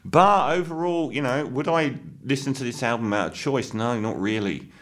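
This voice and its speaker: A man giving an opinionated spoken album review, often pausing with fillers and restarting sentences. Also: medium pitch, fairly bright tone.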